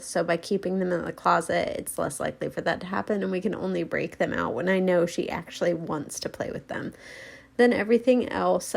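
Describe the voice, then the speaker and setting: A woman's voice: on the low side, creaky, a little mellow. A young woman from the southern US with a light Southern accent, narrating her cleaning in a chatty way, laughing easily. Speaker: vlogger.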